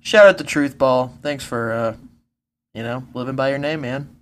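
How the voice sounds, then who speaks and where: A young man cracks offhand jokes on a casual podcast. His voice sits at an everyday, middle pitch. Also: moderate pace. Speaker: podcast co-host. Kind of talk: casual banter.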